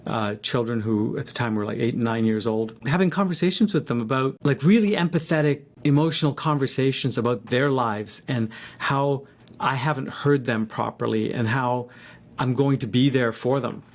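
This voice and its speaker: A man in his fifties telling a personal story in a reflective, halting way, with frequent restarts. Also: mid-range voice, steady tone.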